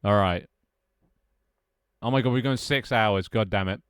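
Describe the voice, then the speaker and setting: A man's voice: fairly low pitch, unhurried, a bit bright, smooth, no room sound, studio quality. A young man streaming live, chatting loosely with his viewers and friends, rambling and laughing as he goes. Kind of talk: casual live-stream chat.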